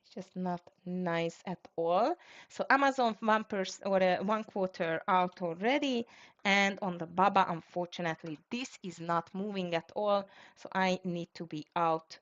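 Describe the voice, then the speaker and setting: Woman narrating her live stock trades. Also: fairly low pitch. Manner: running commentary on trades, frequent fillers and sighs of disappointment. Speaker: day-trading livestream host. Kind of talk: live trading commentary. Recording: dull lo-fi stream audio.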